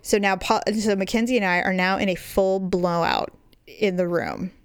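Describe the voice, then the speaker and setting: A woman's voice: mid-range voice, normal speed, smooth, no room sound. A woman in her forties telling a casual story with animation, acting out the voices of the people in it and swearing freely.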